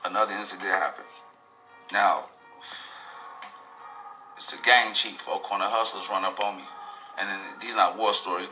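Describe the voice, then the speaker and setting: A man's voice: low-pitched, pushed and bright, rough recording. A man telling his own life story in a casual, profane, rambling way, full of street slang. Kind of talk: casual personal testimony.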